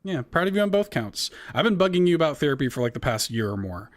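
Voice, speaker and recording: A man's voice: a little high, very animated, quick pace. A man co-hosting a casual gaming podcast, rambling with fillers and restarts. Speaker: podcast co-host. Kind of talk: casual chat.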